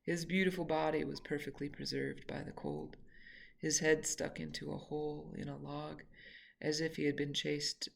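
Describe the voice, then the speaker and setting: A woman reading her own memoir aloud in a reflective, halting way, sometimes correcting herself mid-sentence. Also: low voice, little pitch movement, vocal fry.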